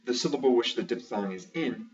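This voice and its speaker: A man's voice: medium pitch, animated, a little fast, slight background noise. A man explains a language lesson one rule at a time and drops in dry, wry asides. He sits back from the mic, and the sound is dull and muffled. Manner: dry, wry asides while walking through rules step by step. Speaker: language teacher. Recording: muffled, somewhat distant mic.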